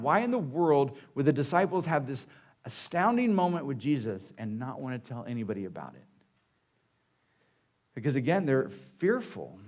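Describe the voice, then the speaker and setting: Man preaching in a conversational, animated way. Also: fairly high pitch. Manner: conversational preaching, acts out quotes with dramatic pauses. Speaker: pastor. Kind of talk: sermon.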